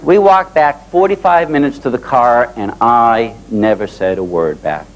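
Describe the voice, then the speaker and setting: A man in his forties giving a live motivational talk to an audience, telling personal stories in an animated way. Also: mid-range voice, measured pace, poor audio. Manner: animated storytelling, acting out dialogue with rising excitement. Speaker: motivational speaker.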